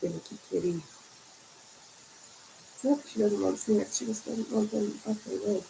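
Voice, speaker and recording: A woman's voice: medium pitch, steady tone, moderate pace, creaky, mellow, a little hiss or hum, poor audio. A tired woman hosting a sewing livestream from home, chatting in a rambling way and yawning now and then. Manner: rambling and chatty, coos at her cats. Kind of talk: casual chat on a livestream.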